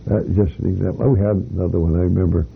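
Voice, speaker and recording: A man's voice: deep voice, steady tone, racing, vocal fry, husky. An older man, a retired company employee, telling rambling anecdotes in an oral history interview, with many restarts and fillers. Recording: tinny phone-like band with faint hiss.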